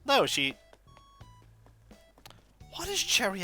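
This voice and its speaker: Lively, bright-voiced woman streamer. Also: lowish voice, normal speed, faint music behind. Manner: chatty, reacts aloud while reading game dialogue. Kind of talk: casual gaming commentary.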